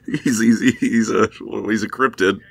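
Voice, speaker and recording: A man joking in a casual podcast conversation, delivering quick, dry one-liners. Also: fairly low pitch, steady tone.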